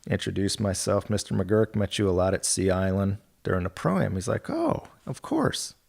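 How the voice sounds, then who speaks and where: A man's voice: deep voice, little pitch movement, a little fast, gravelly, darkish tone. A middle-aged man telling rambling golf anecdotes in casual podcast talk, quoting others and laughing as he goes. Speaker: golf club territory manager guest.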